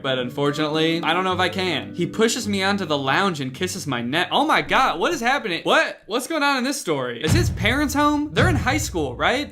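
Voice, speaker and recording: High, animated man reacting sarcastically. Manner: sarcastic, incredulous, reads characters' lines aloud. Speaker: commentator reading a story game. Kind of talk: comedic reaction commentary.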